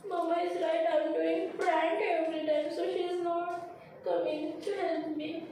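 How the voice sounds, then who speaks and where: A woman voicing a mischievous little girl who plays pranks, with drawn-out, sing-song wailing. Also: very high-pitched, little pitch movement, dark tone. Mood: pleading. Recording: echoey room from far off, noisy.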